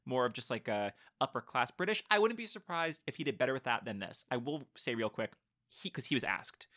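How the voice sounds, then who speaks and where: A young man with a bright, forward voice co-hosts a casual podcast. He jokes, tells anecdotes eagerly and jumps in with quick reactions. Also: mid-range voice, animated, no echo, clean studio sound. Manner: enthusiastic, joking, quick reactions. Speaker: podcast co-host. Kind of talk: casual chat.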